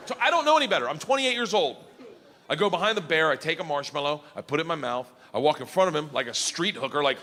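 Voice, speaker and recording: Loud animated stand-up comedian, high voice. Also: male voice, fast, some chatter behind, a little hiss or hum. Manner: loud, animated, laughing, breaks into high shouts. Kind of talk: stand-up storytelling. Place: comedy stage.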